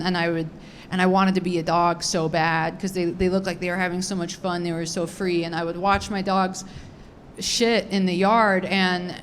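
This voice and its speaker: A woman's voice: on the low side, a bit bright, slight background noise. Crude, rambling woman comic. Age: young adult. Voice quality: raspy. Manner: crude, unfiltered, rambling delivery with frequent "dude" and "like". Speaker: stand-up comedian. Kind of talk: stand-up comedy set.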